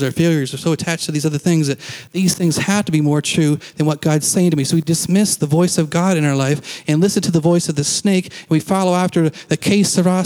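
A man's voice: on the high side, darkish tone, in a large hall. A man giving a casual, conversational sermon as a pastor, acting out quoted lines and laughing now and then.

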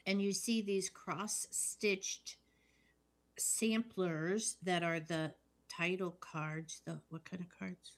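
Woman, podcast co-host, slow unhurried pace, measured, dry remarks, film recap. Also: fairly low pitch, steady tone. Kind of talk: casual chat, recapping a film.

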